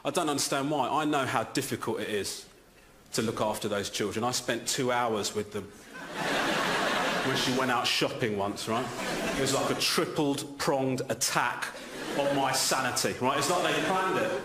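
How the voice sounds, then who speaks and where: A male stand-up comedian doing an exasperated routine that builds to loud rants on a TV studio stage. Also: medium pitch, moderate pace, background noise. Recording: echoey stage with loud ambience.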